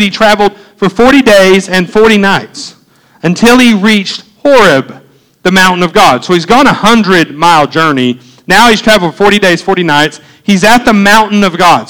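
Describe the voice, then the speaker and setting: A middle-aged man preaching a sermon as pastor, animated and conversational, with frequent asides. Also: high voice, rough recording.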